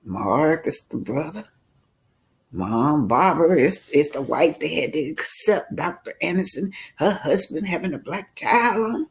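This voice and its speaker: Woman, book club read-aloud, dramatic asides, lively pitch, unhurried. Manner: dramatic, voices characters, asides to listeners. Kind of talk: reading a novel aloud with commentary.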